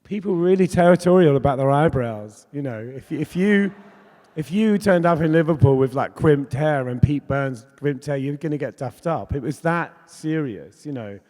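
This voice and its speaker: A man's voice: a little high, lively intonation, moderate pace, warm tone. A man in his fifties, a pop musician telling stories in an onstage conversation, chatty and laughing often. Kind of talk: candid storytelling in an onstage conversation. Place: festival talk in a hall. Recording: long hall reverb.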